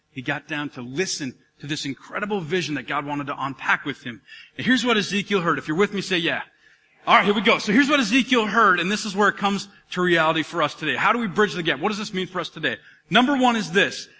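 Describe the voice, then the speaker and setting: A man in his thirties preaching a sermon to a congregation, animated and calling out to the crowd. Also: sits high, a little hiss or hum. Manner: animated, calls out to congregation, acts out dialogue. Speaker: pastor. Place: church hall. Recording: live hall recording with reverb.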